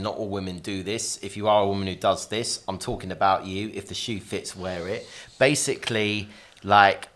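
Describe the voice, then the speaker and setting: A man's voice: fairly low pitch, a bit bright. A man, a talk show guest, speaking bluntly and with some irritation, as if lecturing. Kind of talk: casual panel discussion.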